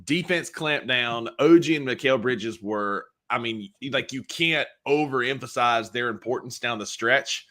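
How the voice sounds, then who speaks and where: A man's voice: mid-range voice, measured pace, few pauses, pushed and bright. A man co-hosting a casual sports podcast, cracking jokes and breaking down games with emphasis. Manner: wisecracking, then emphatic analysis. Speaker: podcast co-host.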